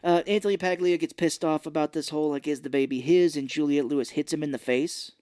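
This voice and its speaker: A podcast co-host casually recaps a movie's plot, retelling scenes and acting out the characters' lines. He talks fast in a slightly high, darkish voice with fairly even intonation, and the studio-quality recording has no echo.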